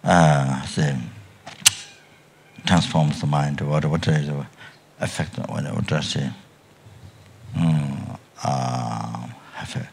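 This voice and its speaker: A very low, gravelly older man giving a Buddhist dharma talk, his voice husky. He speaks very slowly and haltingly, restarting phrases and coughing or clearing his throat often. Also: steady tone. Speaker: Buddhist teacher.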